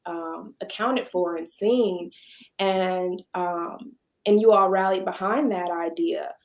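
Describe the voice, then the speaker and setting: A woman guest entrepreneur chatting casually on a video call, telling stories and lively when she quotes others. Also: mid-range voice, roomy sound. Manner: storytelling, animated when quoting others. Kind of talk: casual panel conversation. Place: home, virtual video call. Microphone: video call microphone.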